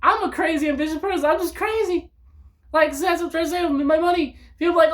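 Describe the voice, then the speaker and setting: A woman vlogging in an upbeat, rambling monologue, breaking into loud outbursts when she acts out quotes. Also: extremely high pitch, fast.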